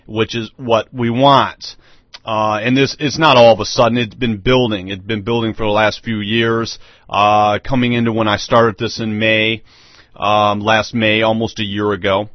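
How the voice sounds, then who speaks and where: A man's voice: fairly low pitch, no room sound. A man hosting an online radio show, delivering a rambling, emphatic monologue that repeats itself. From United States. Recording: dull lo-fi dry audio.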